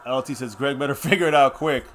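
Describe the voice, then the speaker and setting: A tipsy man runs a live watch-party stream and reacts to the game as it happens. He curses freely, mutters under his breath, then bursts out loud. His voice sits at an ordinary middle pitch for a man. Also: fast talker. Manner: profane, excitable, swings from mutters to shouts. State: has been drinking.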